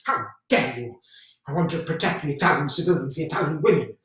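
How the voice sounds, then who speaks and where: A man's voice: fairly high pitch, expressive, quick pace, fairly bright tone, distant mic. A man playing an outraged British general, echoey stage. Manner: indignant, sputtering outrage. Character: furious pompous British general, older man. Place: theater stage.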